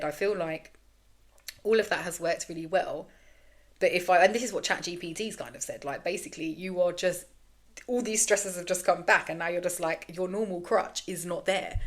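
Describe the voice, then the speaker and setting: Frank, rambling woman, lowish voice. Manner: rambling, frank and self-deprecating, swears freely. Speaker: podcast host. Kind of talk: candid solo podcast monologue.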